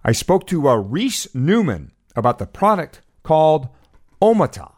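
A man's voice: a little high, big pitch swings, a little slow, a little mellow, dry recording, studio quality. A man hosting a podcast in a casual chat, wry and joking. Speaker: podcast host.

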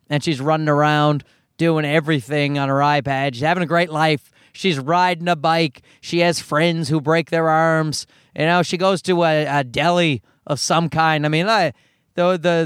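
A middle-aged man from Canada rants casually to his viewers in a slightly higher-than-usual voice. He swears freely and slips into mocking voices. The recording is dry and close, with no room sound. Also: no echo. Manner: sarcastic, profane, mock voices for quotes. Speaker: vlogger. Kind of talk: casual ranting monologue.

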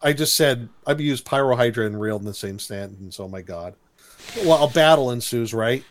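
A man's voice: medium pitch, normal speed. Guy on a podcast retelling a cartoon, laughing a lot, doing silly voices for the lines. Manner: animated, laughing, acts out quotes in silly voices. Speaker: podcast co-host recapping a cartoon. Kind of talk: casual chat.

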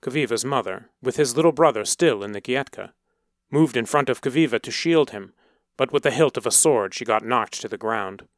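A man narrating a story in a steady, measured reading voice. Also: mid-range voice, no room sound, clean studio sound.

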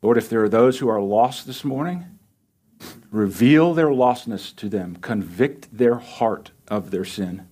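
A man's voice: lowish voice, animated, unhurried, a little mellow, breathy edge. A male pastor preaching an earnest, pleading sermon and closing it in prayer.

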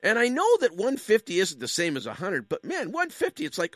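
A Canadian man in his late fifties, a public speaker giving a humorous storytelling monologue, animated and jokey, full of rhetorical questions and asides. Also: high voice, a little fast, few pauses, no room sound.

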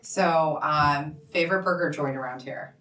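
A woman hosting a casual chat, eager and quick to agree with her guest. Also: low voice, a bit bright, recorded from a distance. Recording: roomy echo, voice a bit off-mic.

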